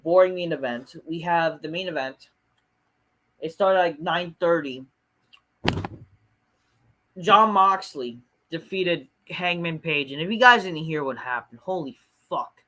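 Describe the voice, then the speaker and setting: A man's voice: sits high, sharp tone. Rambling, swearing male show reviewer. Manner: rambling and dismissive, heavy swearing and fillers. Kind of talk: casual ranting review.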